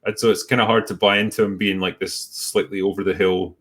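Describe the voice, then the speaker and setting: Laid-back man with a low voice. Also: steady tone, a bit bright. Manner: laid-back, halting with many ums, wry. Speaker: host. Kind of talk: casual chat reading superchats.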